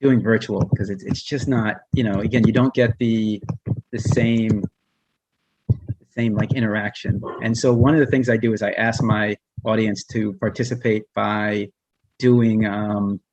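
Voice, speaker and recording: A man with a husky, slightly rough voice talks his audience through an online presentation. He restarts often and fills gaps with fillers, and he speaks straight to his listeners. The sound is dry and a little dull, like a video call microphone. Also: on the low side, fairly even intonation, unhurried, a little mellow, no echo. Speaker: humane educator presenter. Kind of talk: casual online talk with slides.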